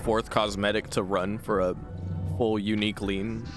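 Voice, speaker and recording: A man casually commenting on his gameplay as a streamer, playful and quick to laugh, swearing now and then at the game. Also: lowish voice, little pitch movement, music in the background.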